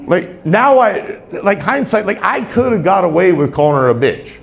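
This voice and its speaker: High and creaky with big pitch swings, this man's voice moves at a moderate pace. He's a stand-up comedian in his forties from Tacoma, Washington, USA, rambling self-deprecatingly on a club stage in a live set with laughing crowd, frequently chuckling at his own material.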